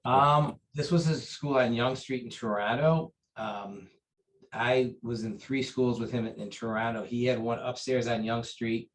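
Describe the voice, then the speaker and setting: A man recounting memories of his teacher in an interview, earnest and halting, with many fillers and restarts. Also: medium pitch, steady tone, a little hiss or hum, rough recording. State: briefly choked up. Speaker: interview guest, taekwondo master. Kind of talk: conversational storytelling.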